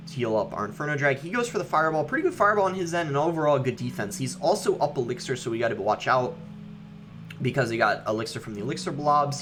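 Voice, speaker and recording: A gaming YouTuber, a young man with an ordinary mid-pitched voice, gives live commentary on his gameplay in a relaxed, offhand way. He thinks aloud and fills pauses with ums while soft music plays in the background.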